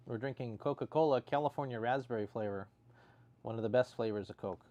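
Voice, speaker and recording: A man's voice: on the low side, darkish tone, muffled recording. Dry, sarcastic man hosting a livestream. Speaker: livestream host reading viewer comments. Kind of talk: casual chat.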